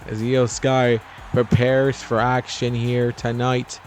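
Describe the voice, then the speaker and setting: A man's voice: mid-range voice, flat delivery, takes it slowly, a little mellow, soft background music. A man giving casual, rambling commentary over a wrestling video game, with chatty, jokey asides. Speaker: gameplay commentator.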